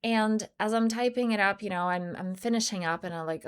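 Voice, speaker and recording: Woman coach, non-native English speaker, earnest motivational storyteller, mid-pitched voice. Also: fairly quick, hardly any pauses, clear, resonant tone. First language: not English. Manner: earnest, storytelling with quoted dialogue. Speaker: life coach. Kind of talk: motivational talk to camera.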